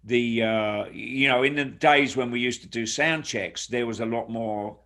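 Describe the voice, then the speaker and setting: A man's voice: medium pitch, unhurried, pushed and bright. An older man, a touring rock drummer, chatting casually and rambling on a video call with many restarts. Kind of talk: casual chat.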